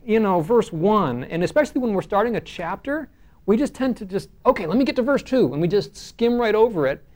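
High-voiced man teaching a Bible study. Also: darkish tone. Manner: conversational, reads scripture aloud with emphasis, frequent fillers. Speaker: pastor leading Bible study.

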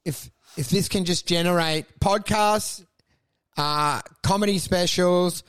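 A man's voice: high-pitched, slow, clear, resonant tone. A middle-aged man, a comedian co-hosting a podcast, chatting casually and animatedly, often laughing. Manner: animated, laughing, mimics others in quotes.

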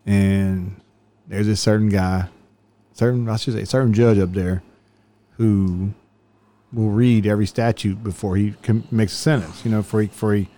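A man's voice: lowish voice, steady tone, normal speed, warm tone. A man telling a profane story in casual chat, laughing as he goes, speaking as a police officer. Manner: profane, laughs through his stories.

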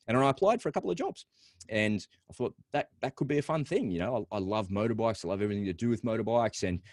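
A middle-aged man with an Australian accent speaks in a somewhat low voice as a podcast guest. He thinks aloud, restarting and repeating words as he tells his story openly. The sound is dry and close, with almost no room echo. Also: darkish tone. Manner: rambling, repeats words, candid. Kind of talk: reflective interview storytelling.

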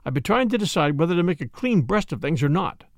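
A man reading the part of a measured, reserved middle-aged doctor in an audiobook. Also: a little high, big pitch swings, dry recording, studio quality. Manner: careful, reserved.

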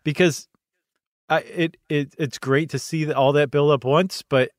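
A man's voice: a little high, steady tone, a little slow, no echo, clean studio sound. Candid man chatting about movies. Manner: candid, self-deprecating, rambling opinions. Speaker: podcast co-host. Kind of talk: casual movie chat.

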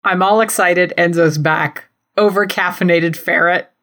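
A woman co-hosting a podcast in casual chat, with a wry, deadpan delivery and plenty of swearing. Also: on the low side, moderate pace. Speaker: podcast co-host.

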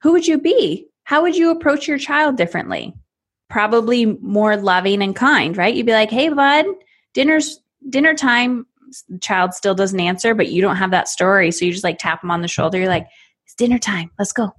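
Speaking a little fast, a thirty-something parenting coach uses a medium-pitched, breathy voice in a podcast chat. She brings it to life by acting out brief scenes in assorted voices.

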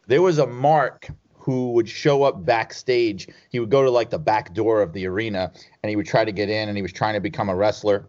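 A man telling stories in a casual chat, rambling and laughing as he goes. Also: fairly low pitch. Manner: rambling, laughs through anecdotes. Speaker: podcast guest. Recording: slightly dull lo-fi sound.

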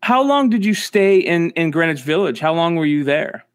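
A man's voice: fairly high pitch, expressive, normal speed, clear, resonant tone, no room sound, studio quality. A man interviewing a guest casually, asking eager questions. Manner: short reactions and eager questions.

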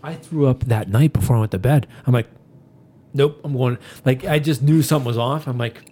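A man's voice: mid-range voice, fast talker, warm tone, slight background noise. A man who is a guest on a chatty podcast, talking bluntly and casually and swearing freely. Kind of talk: casual chat.

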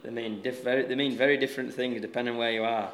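A young man with a Yorkshire accent, a golfer answering interview questions in a relaxed, halting way with many restarts. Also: mid-range voice, roomy sound. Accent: Yorkshire English. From Yorkshire, England.

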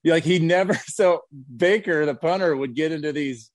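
A man's voice: moderate pace, no room sound. A man co-hosting a sports radio show, telling a funny anecdote with laughs and casual fillers. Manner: laughing storyteller, acts out voices in high pitch.

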